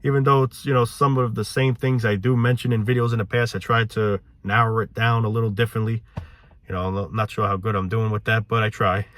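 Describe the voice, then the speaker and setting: A man's voice: fairly low pitch, level tone, brisk, a bit bright, slight background noise. A man hosting his own vlog channel, ranting in a loose, frustrated way, saying "man" often and swearing. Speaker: channel host.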